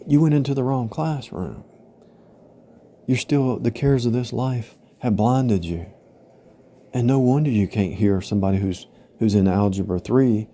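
A man's voice: medium pitch, mellow, slight background noise. A man giving an informal spiritual talk, rambling and repetitive, telling parables and checking in with "right?" and "you know?". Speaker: religious teacher. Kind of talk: informal spiritual teaching monologue.

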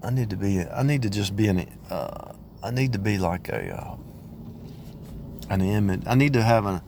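A man's voice: lowish voice, expressive, normal speed, a little mellow. A married man in a rambling casual monologue about faith, restarting often and repeating phrases in a preaching cadence. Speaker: married believer speaking on faith. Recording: outdoor street and car noise.

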